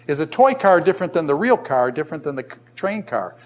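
A man's voice: fairly high pitch, very animated, fast, darkish tone. An older man giving a classroom lecture in a conversational way, asking the class many questions as he teaches.

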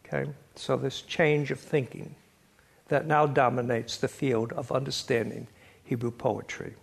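Gravelly older male lecturer. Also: medium pitch, flat delivery, measured pace. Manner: wry, chuckling storyteller, reads quotes aloud. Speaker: lecturer on biblical poetry. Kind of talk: classroom lecture.

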